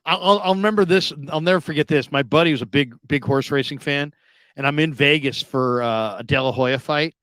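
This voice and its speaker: A talk radio host spins a long story in easy conversation, his voice sitting a little high and close to the mic in a dry, dead studio. He leans into every character, jumping up loud whenever he plays someone losing it. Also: fairly quick, clear, resonant tone, dry recording. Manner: animated, acts out quoted people with sudden loud high outbursts. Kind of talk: casual storytelling chat.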